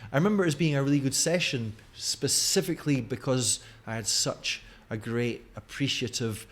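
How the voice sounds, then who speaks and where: Mild Scottish man in his forties, teacher trainer talking to camera, friendly and chatty, middle pitch. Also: normal speed, fairly bright tone. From Scotland. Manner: friendly and chatty, with many fillers. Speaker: teacher trainer giving a conference talk. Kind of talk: recorded video talk to camera. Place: home at night. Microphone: camera in front of him.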